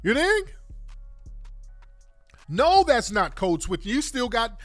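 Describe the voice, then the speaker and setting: A middle-aged man hosting a talk show, emphatic and profane, firing off rhetorical questions. His voice sits high and swings widely in pitch. The sound is dry and close, with faint music underneath. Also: sing-song, slow pace, a bit bright, no echo. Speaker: radio talk host. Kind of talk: opinionated talk monologue.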